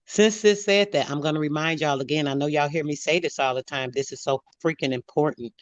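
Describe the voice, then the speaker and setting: A woman's voice: low voice, brisk, no echo. A middle-aged woman hosting a radio talk show, talking in a heated, emphatic way and telling stories. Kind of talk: casual chat. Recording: dry, dull lo-fi audio.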